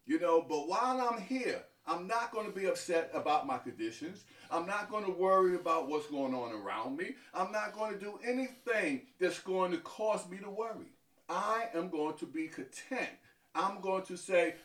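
Man, from Harlem, deacon, halting speech, repeats words, higher pitch, echoey, distant mic. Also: lively intonation, fairly bright tone. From Harlem, New York. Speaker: deacon, interview guest. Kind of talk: reflective interview answers. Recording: echoey, from far off.

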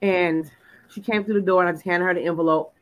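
A woman telling a personal story in casual chat, animated and full of "like", acting out what people said. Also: fairly low pitch, fast talker, low-quality recording. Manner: animated storyteller, lots of "like", acts out quotes. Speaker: podcast co-host.

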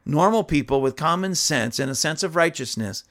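A man's voice: on the high side, lively intonation, moderate pace, fairly bright tone. A man giving opinionated commentary, reading news aloud and scolding emphatically, with fillers and restarts along the way. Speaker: political commentator.

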